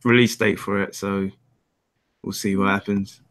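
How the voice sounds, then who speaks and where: A man's voice: lowish voice, little pitch movement, unhurried, fairly bright tone. A man co-hosting a geek podcast, talking in a laid-back, agreeable way. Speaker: podcast co-host. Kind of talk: casual geek chat.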